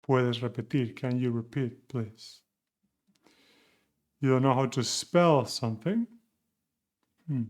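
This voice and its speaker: A man teaching a beginner Spanish lesson, chatting with learners and slowing down to model phrases. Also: mid-range voice, darkish tone. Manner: chatty, asks learners questions.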